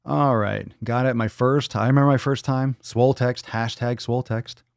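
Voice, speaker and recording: A man's voice: mid-range voice, fairly even intonation, moderate pace, vocal fry, dry recording, clean studio sound. A man hosting a casual livestream podcast, talking loosely and swearing freely while reading chat comments aloud. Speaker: podcast host. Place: indoors at home.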